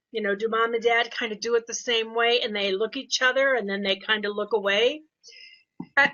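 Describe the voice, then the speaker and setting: An older woman, a behavior consultant, tells animated stories with quoted voices during a casual podcast interview. Her voice sits on the high side, and the lo-fi audio sounds dull.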